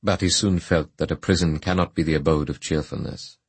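A man's voice: very deep voice, steady tone, fairly quick, creaky, slightly rough, no room sound. A man reading a classic novel aloud as solemn, earnest first-person narration. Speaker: audiobook narrator.

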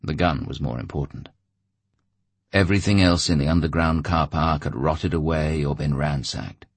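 A man reading an audiobook in steady, measured scripted narration. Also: rumbling low, dry recording.

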